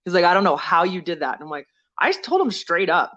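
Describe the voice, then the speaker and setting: A woman guest on a podcast, telling her own story casually and acting out the people in it with big pitch jumps. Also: fast, muffled recording. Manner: animated, acts out quoted people with sudden jumps in pitch. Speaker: podcast guest, veteran and former firefighter.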